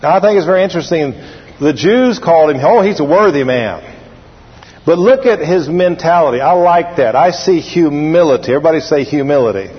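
Animated preacher, echoing hall. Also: male voice, on the high side, a little fast, husky. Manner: animated preaching, drawling, repeating phrases for emphasis. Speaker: pastor. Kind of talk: sermon. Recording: lo-fi recording with long hall reverb.

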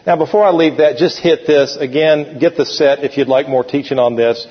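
A male pastor preaching a sermon in a church, folksy and animated, leading the congregation in call-and-response. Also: a little high, moderate pace, breathy edge. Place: church sanctuary. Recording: lo-fi church recording with long hall reverb.

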